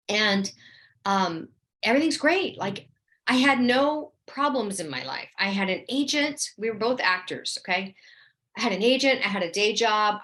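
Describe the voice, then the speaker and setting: A middle-aged actress from New Orleans chats casually as an interview guest about her experiences. She's animated and quick to act out what people said, raising her voice higher for the quoted lines.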